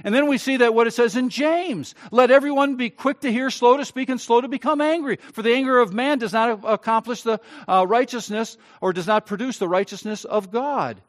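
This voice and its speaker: A man pastor preaching a sermon, swinging between loud, emphatic stretches and quiet, soft ones. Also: very high-pitched, brisk, few pauses.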